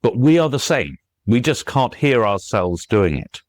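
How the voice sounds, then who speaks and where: A man's voice: mid-range voice, unhurried, no echo. A man, a guest author explaining language in casual chat and tapping out rhythms aloud. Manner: demonstrates rhythms aloud, animated and playful.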